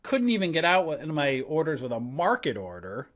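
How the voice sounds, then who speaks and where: A man venting on a live trading stream, his pitch swinging up and down as he swears and laughs through his frustration. He talks at a desk mic from home and then settles into reading charts. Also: wildly swooping pitch, brisk. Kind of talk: ranting live-stream chat.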